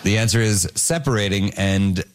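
A man hosting a satirical news quiz, putting questions to the panel in a brisk, wry way. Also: fairly low pitch, clear, resonant tone. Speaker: comedy panel host.

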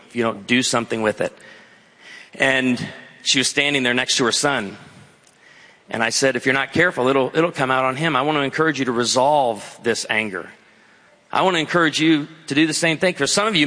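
A man preaching a sermon, telling stories and slowing down for emphatic points. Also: medium pitch, sharp tone. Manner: storytelling preacher, shifting between quick asides and slow emphatic lines. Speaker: pastor. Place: large hall before an audience. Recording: long hall reverb.

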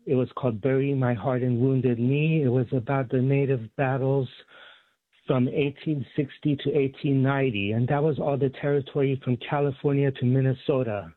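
A man's voice: mid-range voice, steady tone, no room sound. Bay area guy calling into a radio show, rambles, lots of ums, tinny phone line, dry. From San Francisco Bay Area. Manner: rambling, many uh and um pauses. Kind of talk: phone call to a talk show.

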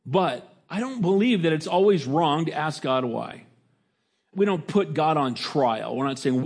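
A middle-aged male pastor delivering a sermon with a fairly high voice for a man. He talks conversationally to his congregation, leaping upward in pitch to stress a point and then falling soft and low on the heavy moments. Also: lively intonation, a little slow, breathy edge. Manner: preaching with sudden pitch jumps and quiet drops.

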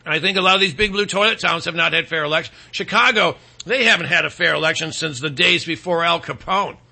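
A man from Michigan hosting a talk show, rambling and sarcastic, clearing his throat now and then between political rants and ad reads. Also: fairly high pitch, quick pace, bright, forceful tone. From Michigan, USA.

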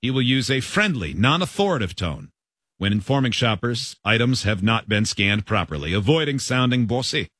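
A man's voice: mid-range voice, normal speed, husky, no room sound, studio quality. A man hosting a morning radio show, reading a news story aloud and bantering with his co-hosts. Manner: animated, laughs often while reading.

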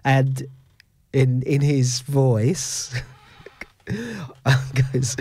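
A man's voice: mid-range voice, expressive, takes it slowly, a little mellow, dry recording. A middle-aged man hosting a radio show, telling stories in a rambling, chuckling way. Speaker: radio host. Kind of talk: casual radio chat.

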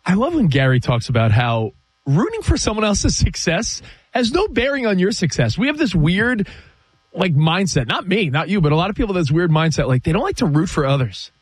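Lively middle-aged man chatting sports. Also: high-pitched, breathy edge, dry recording. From East Coast of the US. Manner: animated, storytelling, quick to laugh. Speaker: sports talk show co-host. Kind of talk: casual sports chat.

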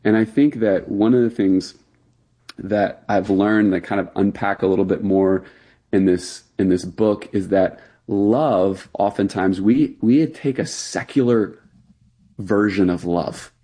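A man's voice: on the low side, a little slow, warm tone, breathy edge. A man, a pastor, talking earnestly as a radio interview guest and explaining his views with fillers and emphasis.

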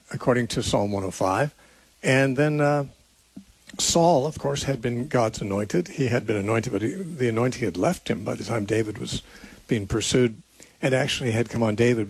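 A man's voice: medium pitch, darkish tone, slightly rough, dry recording. A man hosting a call-in radio show, answering listeners' Bible questions in an earnest, thinking-aloud way with frequent restarts. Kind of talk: unscripted call-in radio teaching.

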